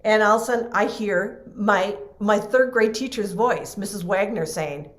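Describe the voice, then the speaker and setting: A woman guest telling a personal story in conversation, animated and full of fillers. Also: mid-range voice, normal speed, reverberant. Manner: animated, acts out quoted voices, many fillers. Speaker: interview guest.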